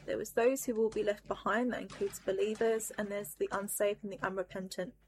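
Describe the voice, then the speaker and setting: A woman's voice: medium pitch, fairly even intonation, fairly quick. A woman recounting a vision in an intense personal testimony.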